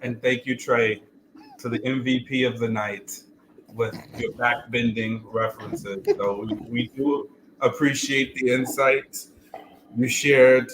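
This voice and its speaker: A playful man hosts a casual panel, laughing easily as he talks. He speaks at a slow, unhurried pace. His voice sits in an echoey room with a faint hum of ambience behind it. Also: medium pitch, fairly even intonation. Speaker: podcast host.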